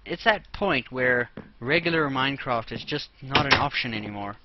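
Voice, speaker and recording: Talking to himself while gaming, a young man rambles his way through casual let's play commentary. He has a medium pitch with lively intonation and speaks at normal speed, captured on a dull lo-fi mic with audible noise.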